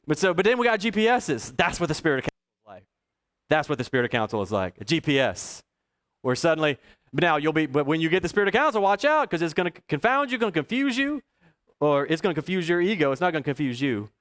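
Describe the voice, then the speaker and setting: This male pastor's voice sits a little high, and he moves at a quick pace. During his sermon he tells personal stories with energy, frequently breaking into chuckles.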